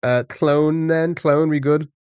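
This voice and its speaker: A man's voice: a little high, fairly even intonation, takes it slowly, darkish tone, smooth, no echo, studio quality. A man live-streaming a word game, chatting casually and greeting viewers by name.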